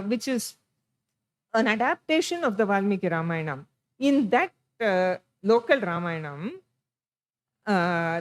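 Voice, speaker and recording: A middle-aged woman with an Indian English accent lectures before an audience. Her fairly high voice tells stories and acts out quoted lines. She slips into chanted Sanskrit verses. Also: rough recording. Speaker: guest lecturer on temple sculpture. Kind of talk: illustrated lecture.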